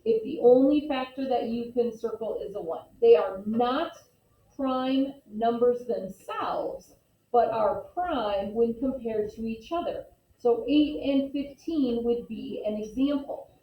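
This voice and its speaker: A woman teaching a math class with a patient, step-by-step manner, her voice a little higher than most. She is picked up from across an echoey classroom, and the sound is muffled and lo-fi. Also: takes it slowly, recorded from a distance. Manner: patient, explains step by step, calls on students. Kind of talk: classroom lesson. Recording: echoey classroom recorded from afar, dull lo-fi.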